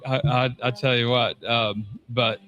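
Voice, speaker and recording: A man co-hosting a podcast, speaking casually and haltingly. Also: medium pitch, steady tone, fairly bright tone. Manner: halting, many fillers and restarts, laughs easily. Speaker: podcast co-host. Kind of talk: casual chat.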